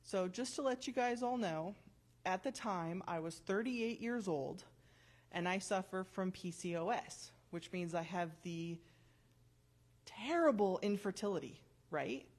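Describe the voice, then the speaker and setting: A woman in her forties giving a personal testimony at church, telling her story in a chatty, animated way. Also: mid-range voice, measured pace.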